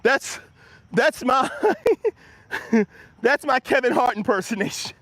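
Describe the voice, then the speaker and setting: A very high-pitched man talks while walking outside, a little winded but full of push and encouragement for the people watching. He chats right back to his viewers' comments. His voice sits close and dry on the mic. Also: slow pace, fairly bright tone, dry recording. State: slightly out of breath from walking. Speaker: motivational livestream host. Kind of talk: live walk-and-talk motivational chat. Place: outdoors on an early-morning walk. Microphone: handheld camera while walking.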